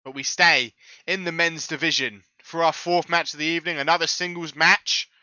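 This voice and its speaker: A man giving excitable, jokey live wrestling commentary who bursts into big ring introductions. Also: a little high, moderate pace, dry recording, highs cut off.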